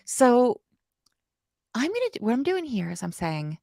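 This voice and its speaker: Woman, live coding teacher, lively swooping pitch, gravelly edges, chatty, self-deprecating, dry close sound. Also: measured pace, no room sound. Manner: slips into playful quoted voices and whispers. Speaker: coding instructor on a live stream.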